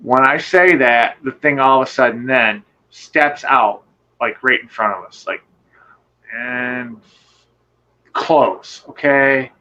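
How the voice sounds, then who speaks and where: A man recounts a nighttime encounter in a loose, rambling way, cursing freely and jumping into the voices of the people in his story. His tone is bright and forceful, and the sound is dull and lo-fi, like an online call. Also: mid-range voice, slow. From Michigan. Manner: animated, rambling, swearing, acts out quotes. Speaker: guest telling an encounter story. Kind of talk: casual storytelling on a live show.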